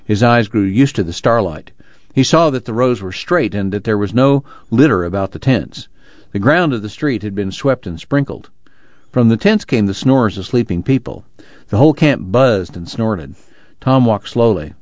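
A man narrating an audiobook in a measured, even reading. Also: lowish voice, no room sound, highs cut off.

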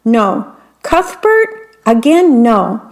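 A woman's voice: fairly high pitch, big pitch swings, very slow, full character voice. A woman voicing an anxious young girl who becomes queen, fretting and guessing names in a storybook reading.

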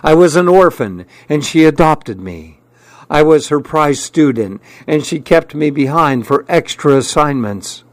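A man narrating a first-person story as an audiobook, with measured storytelling. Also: a little high, animated, dry recording.

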